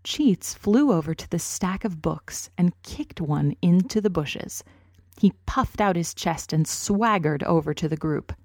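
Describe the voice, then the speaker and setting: A woman reading a children's story aloud, clear and expressive. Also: fairly low pitch, measured pace, no echo, clean studio sound. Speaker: narrator.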